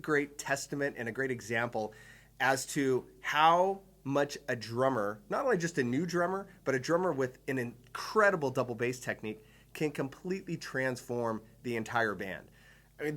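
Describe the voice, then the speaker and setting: A man giving a drum lesson, explaining patterns step by step with enthusiasm and counting beats aloud. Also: mid-range voice. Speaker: drum teacher. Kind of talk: instructional video lesson.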